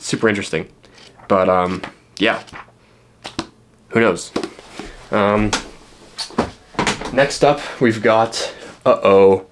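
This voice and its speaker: A man's voice: lowish voice, fairly bright tone, slight background noise. Rambling man chatting about his books. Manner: rambling, filler-heavy, joking asides. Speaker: book vlogger. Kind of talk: casual book haul chat.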